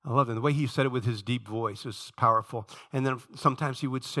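Middle-aged male pastor with a sermon voice, bright and slightly high, lively storyteller who goes hushed in prayer. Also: quick pace, few pauses. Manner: animated storytelling, dropping to a low quiet tone in prayer.

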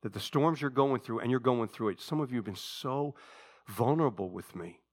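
A male pastor preaching a sermon with passion, dropping to a hush and then rising loud. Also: medium pitch, normal speed. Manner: impassioned preaching, swinging between hushed and loud.

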